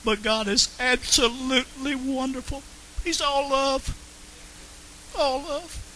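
A man shares his personal testimony with an earnest, storytelling delivery. His voice sits high and sounds strikingly bright and sharp, and he repeats phrases for emphasis. A faint hiss runs under the recording. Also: fairly even intonation, unhurried, rough recording. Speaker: Christian testimony speaker.

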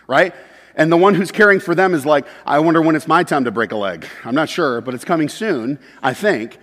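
A man preaching a sermon as pastor, moving between loud emphatic peaks and quiet, confessional asides. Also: a little high, lively intonation, fairly quick. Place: church sanctuary. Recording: long hall reverb.

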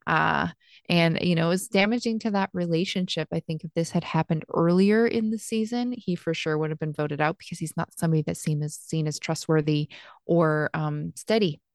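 A woman's voice: deep voice, normal speed, no echo, studio quality. A young adult woman hosting a casual solo podcast, reflective and chatty, with plenty of fillers and restarts. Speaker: podcast host and life coach.

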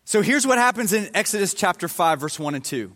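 Higher-voiced man preaching in a reverberant hall. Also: animated, fairly quick, fairly bright tone. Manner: conversational, retells scripture in everyday slang. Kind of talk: casual Bible-story sermon.

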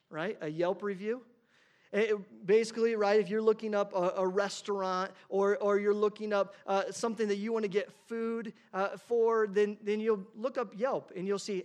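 A male pastor preaching a conversational sermon in church, often repeating words as he starts his phrases. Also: high-pitched.

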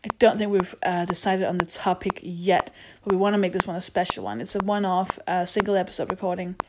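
With background noise behind her, a woman with a lowish voice hosts a podcast and briskly reads out announcements. She keeps it playful and rambling, teasing herself as she goes.

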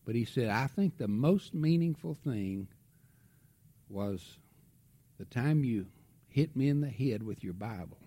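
A middle-aged man preaching, telling a family story with lively swings from loud outbursts to hushed tones. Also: mid-range voice, unhurried, pauses often. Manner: animated storytelling, drops to a hush for tender moments. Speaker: pastor. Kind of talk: sermon storytelling.

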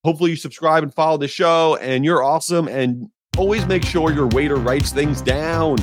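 A man hosting a podcast, telling an exasperated, animated story about a pet peeve. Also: a little high, moderate pace, music in the background. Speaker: podcast host. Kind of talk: ranting monologue.

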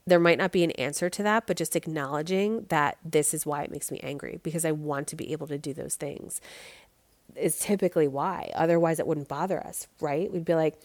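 Woman podcast host, thirties, conversational, lots of fillers, lowish voice, dead dry sound. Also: moderate pace, darkish tone, dry recording. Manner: candid, conversational, frequent "like" fillers. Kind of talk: solo podcast talk.

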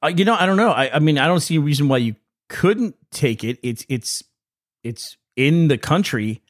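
A man's voice: fairly high pitch, animated, normal speed, no room sound. Man, podcast co-host, loose storyteller, dry mic. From United States. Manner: rambling storyteller, laughs often. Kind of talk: casual chat.

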